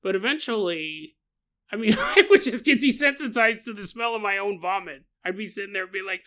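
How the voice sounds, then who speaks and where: A man hosting a podcast, retelling a story in a casual, animated way with joking asides. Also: sits high, fairly quick. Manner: animated, jokey, laughs at own asides. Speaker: podcast host.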